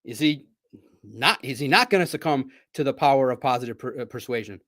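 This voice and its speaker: A man hosting a live sports talk stream, talking straight to his viewers in a playful, animated way. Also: mid-range voice, brisk.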